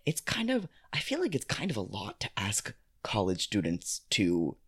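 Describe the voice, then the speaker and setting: Very low-voiced young woman, wry chat. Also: huge pitch swings, moderate pace, slightly rough. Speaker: podcast co-host. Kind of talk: casual book-discussion chat.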